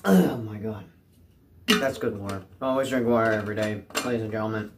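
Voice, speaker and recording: A man vlogging about movies in a rambling, anxious and excitable rant, stammering and restarting as he talks, recorded at home. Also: on the low side, a little fast, noisy background.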